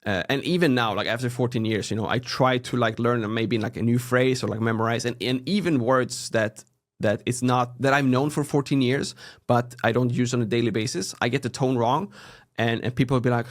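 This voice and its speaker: A man from Sweden with a Swedish accent, in his thirties, chatting casually as a guest and acting out people's reactions with big jumps in his voice. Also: a little fast. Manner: animated storytelling, acts out quoted reactions with big pitch jumps. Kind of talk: casual interview chat.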